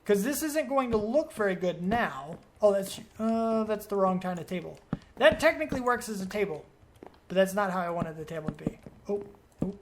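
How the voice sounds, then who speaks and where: A man's voice: high voice, lively intonation, normal speed, a little hiss or hum. A man giving let's play commentary as a gaming video creator, rambling and thinking aloud as he questions himself.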